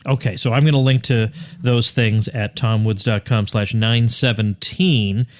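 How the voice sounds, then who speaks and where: A man's voice: mid-range voice, fairly even intonation, measured pace. A man hosting a podcast interview, with a radio-style voice, chatty and laughing easily. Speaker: podcast host. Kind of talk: casual interview chat.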